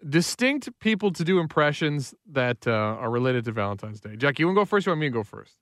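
A man's voice: medium pitch, very animated, quick pace, fairly bright tone, no room sound, clean studio sound. A man co-hosting a podcast who teases and wisecracks in casual banter. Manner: teasing and wisecracking. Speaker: podcast co-host.

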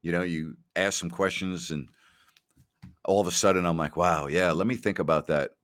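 Guy with a low voice taking listener questions, rambles and repeats stuff, laughs a lot. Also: fairly even intonation, moderate pace, a bit bright, no echo, clean studio sound. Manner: rambling storyteller who repeats phrases and laughs often. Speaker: podcast host. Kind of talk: casual solo chat answering listener questions.

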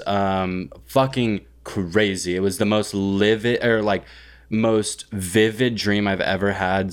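A man's voice: low-pitched, clear, resonant tone. A young man co-hosting a podcast, telling a dream in a rambling, casual way with lots of fillers and swearing. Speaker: podcast co-host.

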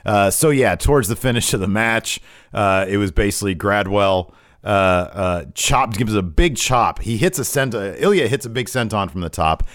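A man's voice: fairly low pitch, animated, moderate pace, fairly bright tone, dry recording, studio quality. A man co-hosting a wrestling podcast, recapping matches in casual chat with many restarts and fillers. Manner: rambling, frequent restarts and fillers.

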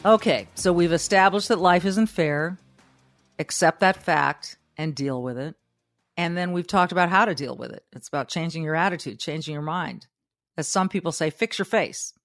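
Woman hosting a podcast, kinda low voice, dry close sound, animated, acts stuff out. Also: moderate pace, dry recording, soft background music. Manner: animated, acts out quotes, laughs often. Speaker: podcast host. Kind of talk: motivational monologue.

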